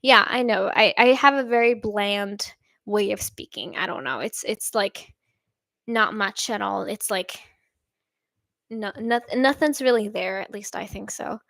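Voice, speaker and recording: A woman's voice: mid-range voice, unhurried, creaky, a bit bright, dry recording, studio quality. A nineteen-year-old woman whose first language is Swedish, chatting casually on a livestream in a hesitant, rambling way, with many fillers and restarts. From Sweden. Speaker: streamer.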